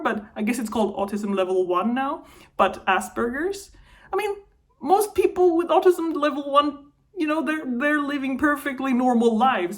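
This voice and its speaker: A young woman in a personal vlog, talking to camera while upset and venting, her voice wavering between anger and tears. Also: high voice. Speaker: vlogger.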